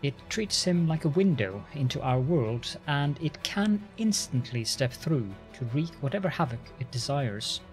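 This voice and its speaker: A man reading the lines of a shaken, grave male inquisitor from a fantasy game, who stumbles and repeats words. Soft music plays under him. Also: on the high side, expressive. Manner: halting, stammers over words.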